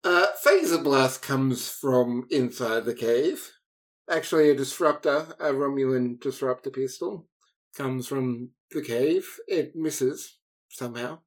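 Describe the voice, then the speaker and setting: A game master narrating a tabletop game, hesitant, with many fillers and pauses. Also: mid-range voice.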